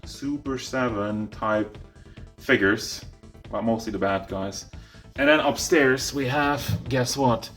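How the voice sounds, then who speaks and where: A man's voice: mid-range voice, fairly bright tone. A man touring his toy collection at home, rambling and self-mocking, out of breath as he moves around with a handheld camera. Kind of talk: casual collection tour. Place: home with figure shelves, indoors. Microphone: handheld camera moving around.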